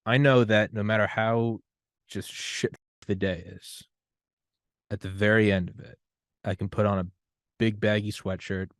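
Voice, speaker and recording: A man hosting a podcast, talking in a loose, rambling way that turns loud and higher when he gets worked up. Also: fairly even intonation, measured pace, pauses often, no echo, clean studio sound. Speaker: podcast host. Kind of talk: casual conversation.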